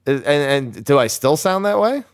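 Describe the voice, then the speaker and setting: Animated man hosting a casual podcast. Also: on the high side, normal speed. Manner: animated, exasperated troubleshooting banter. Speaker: podcast host. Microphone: desk microphone on a call.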